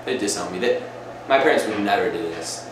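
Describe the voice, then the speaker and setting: A man's voice: on the low side, lively intonation, fairly quick. A young man talking casually to the camera in his apartment, rambling and hesitant, mocking himself with lots of fillers. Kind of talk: casual confessional talk to camera. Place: apartment room. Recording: roomy echo, faint background noise.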